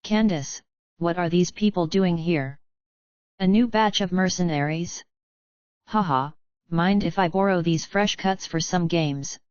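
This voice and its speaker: A man's voice: high-pitched, unhurried, dry recording, dull audio. A woman reading the part of a huge, bald, boastful male mercenary who mocks and provokes others. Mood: taunting. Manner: mocking, gruff provoking.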